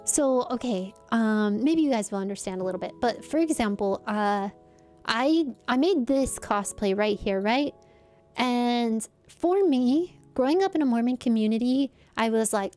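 Young woman rambling and giggling thru a vlog, high soft voice, faint music behind. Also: lively intonation, measured pace. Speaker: streamer. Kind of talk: casual vlog chat.

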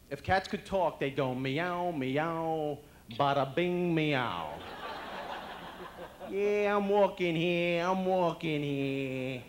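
A man with a Brooklyn accent doing live stand-up comedy, brash and chatty, talking straight to the audience. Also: medium pitch. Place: banquet hall at a dinner event. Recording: echoey banquet hall with faint room noise.

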